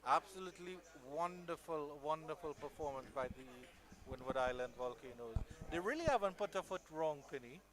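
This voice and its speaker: Guy calling cricket live, kinda high voice, bright and forceful, gets loud when the big shots land. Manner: measured, rises to loud excited calls on big shots. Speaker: cricket commentator. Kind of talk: live sports commentary.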